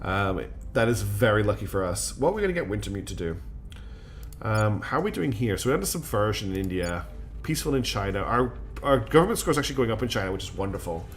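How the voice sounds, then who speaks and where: A man's voice: fairly low pitch, sing-song, fast talker. A very tired man streaming a strategy game, chatting casually and rambling with lots of fillers and self-mocking asides. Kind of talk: casual gameplay commentary.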